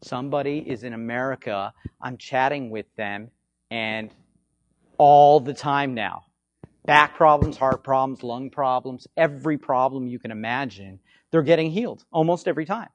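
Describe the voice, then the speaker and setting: A man with a slightly hoarse voice, giving an informal teaching on faith healing, swinging between loud bursts and low asides and often checking in with "okay?". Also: normal speed, no echo, lo-fi sound. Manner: repetitive, conversational, frequent "okay?" check-ins. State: hoarse from frequent yelling.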